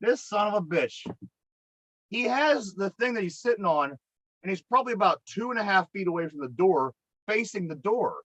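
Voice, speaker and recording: A man's voice: high-pitched, lively intonation, normal speed, fairly bright tone. A man with a Pittsburgh accent co-hosting a podcast, telling a long story in a profane, exasperated, rambling way. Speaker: podcast co-host. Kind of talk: casual storytelling. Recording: dry, dull lo-fi podcast mic.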